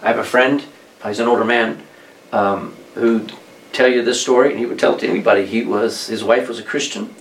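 A man preaching a sermon to a congregation, telling stories in a conversational way that rises in pitch and force on key points. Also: fairly even intonation, fairly quick, slight background noise. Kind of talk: sermon with storytelling. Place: church hall with congregation. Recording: echoey room, distant mic, faint background.

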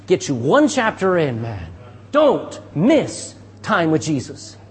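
A middle-aged pastor preaching in a lively, call-and-response style. His voice sits high and swings widely in pitch, with a husky edge to it. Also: slow pace. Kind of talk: sermon.

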